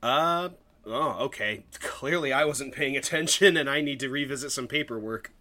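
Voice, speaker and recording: Man, podcast co-host, wry, jokey banter, bright tone. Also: medium pitch, moderate pace. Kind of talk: casual comedic banter.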